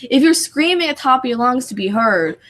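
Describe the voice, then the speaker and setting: A woman's voice: high-pitched, animated, brisk, fairly bright tone, poor audio. A woman co-hosting a tabletop gaming podcast, giggly and scattered, full of "like". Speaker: podcast co-host and convention game master. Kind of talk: casual chat.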